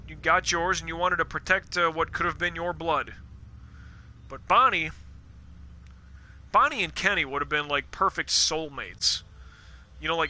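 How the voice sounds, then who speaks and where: A man streaming a game live, rambling in casual, profane, animated rants about the story's characters. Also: on the high side.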